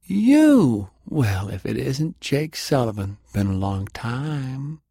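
A man's voice: medium pitch, lively intonation, takes it slowly, a little mellow, slightly rough, dry recording, clean studio sound, voice pushed up, exaggerated voice. A man voicing a tough, mocking woman fighter in an audiobook. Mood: taunting. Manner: mocking and cocky. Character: tough, brash superstrong woman brawler.

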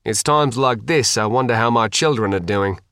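A man's voice: medium pitch, normal speed, fairly bright tone, no echo, lightly acted. A man reading the part of a weary middle-aged father, dry and understated.

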